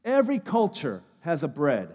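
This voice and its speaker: A man preaching a sermon in a conversational, emphatic way, pressing hard on key words and then dropping to a hush. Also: wildly swooping pitch, normal speed, breathy edge, in a large hall. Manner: conversational, emphatic preaching that swings between loud stress and hushed lows. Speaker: pastor.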